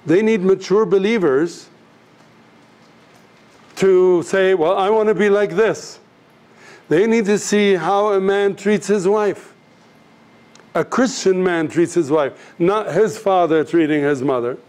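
A missions teacher with a high, slightly mellow voice speaks slowly with long pauses, addressing his students earnestly and directly. He tells anecdotes and acts out the voices of the people in them.

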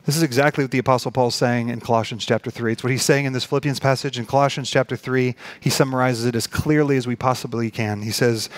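An earnest man preaching a sermon to his congregation, pitched mid-range for a man. He presses hard on key phrases, then slows and drops his voice. The sound is close and dry, with no room echo. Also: fairly even intonation. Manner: earnest, building to emphatic peaks then slowing to soft pauses. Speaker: pastor.

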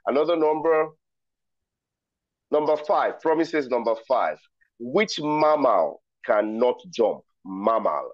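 A man hosts an online riddle quiz over a video call, playful and teasing as he reads names and answers from the chat. His voice sits at an ordinary middle pitch. The audio is dry and a little dull, like lo-fi call sound. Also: lively intonation, slow pace, no room sound. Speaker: host of a virtual ceremony. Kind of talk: lively hosting of a riddle quiz.

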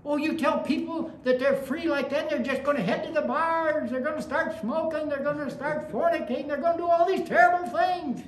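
Woman pastor, conversational sermon, higher voice, echoey room. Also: brisk, hardly any pauses. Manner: conversational preaching with anecdotes and rising emphasis. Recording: echoey room with faint ambience.

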